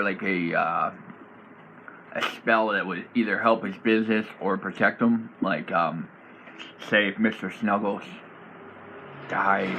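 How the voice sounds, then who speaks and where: A man casually explaining his tabletop role-playing character, rambling and animated and laughing often. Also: low-pitched, dull audio, background noise.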